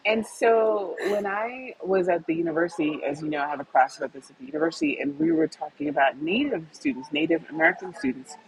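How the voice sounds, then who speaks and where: A woman's voice: low-pitched, lively intonation, fairly quick, a little mellow, slight background noise, rough recording. A woman co-hosting a podcast, talking at length in a rambling, chatty way with restarts, who teaches a university class. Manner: talkative, rambling with restarts and laughs. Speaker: co-host; university instructor. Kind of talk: casual podcast conversation.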